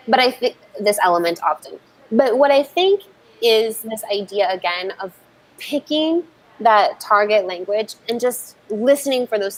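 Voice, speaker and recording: A woman gives a loose, conversational talk as an English coach. Her voice sits at a middle pitch. She keeps checking in with listeners and often restarts her sentences. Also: low-quality recording. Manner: thinks aloud with frequent fillers and restarts. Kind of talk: informal online talk with Q&A.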